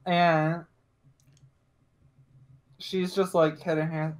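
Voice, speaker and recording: A woman's voice: on the low side, unhurried, a bit bright. A young woman narrating a tabletop game as game master, casual and hesitant with many fillers.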